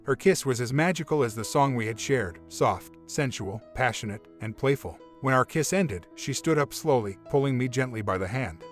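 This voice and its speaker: A man calmly narrating a first-person relationship story in an even, scripted reading. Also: mid-range voice, normal speed, few pauses. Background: faint music.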